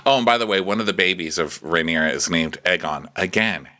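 A man co-hosting a casual comedic podcast, recapping a TV episode, riffing fast and swearing freely. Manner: animated, jumps into high-pitched impressions of characters.

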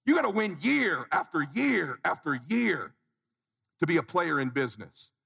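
High gravelly man preaching from a stage. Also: sing-song, normal speed, bright, forceful tone, long reverb tail. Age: 40s. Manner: intense, blunt and challenging, calls on the crowd. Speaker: motivational speaker. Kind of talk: live motivational stage talk. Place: conference stage before an audience.

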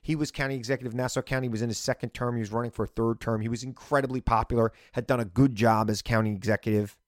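A man's voice: mid-range voice, steady tone, racing, no room sound, studio quality. A male podcast host with a light Long Island accent, talking politics in a blunt, conversational way with wry asides. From Long Island, New York.

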